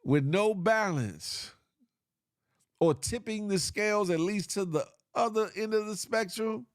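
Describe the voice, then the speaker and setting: A man's voice: high voice, normal speed, clear, resonant tone, dry recording, studio quality. A man hosting a casual morning livestream show, giving a repetitive, motivational rant full of slang and laughter.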